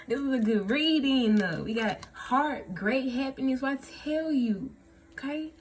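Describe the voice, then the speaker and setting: A woman's voice: high-pitched, lively intonation, a little slow, slight background noise. Woman, tarot reader, effusive, emotional, chatty check-ins. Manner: effusive, emotional, keeps adding "okay?" and "y'all". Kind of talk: casual tarot reading to viewers.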